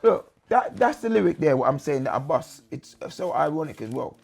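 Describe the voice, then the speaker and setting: A man's voice: fairly high pitch, big pitch swings, a little fast, vocal fry, darkish tone. A man chatting in a casual interview, slangy and repetitive, forever asking "you understand". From England. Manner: slangy street talk, repeats 'you understand'. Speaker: MC, guest.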